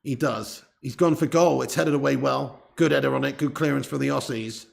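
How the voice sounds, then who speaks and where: A man's voice: mid-range voice, a little fast, creaky, hardly any pauses. A man, hosting a live football watch-along, chatting casually, reading out viewer comments and swearing freely. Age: 30s.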